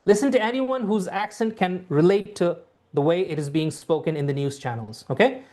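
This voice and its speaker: An IELTS teacher guides students through material in an online class, speaking at normal speed with a middling, slightly mellow voice. The teacher repeats points reassuringly, often saying "um" and starting sentences over.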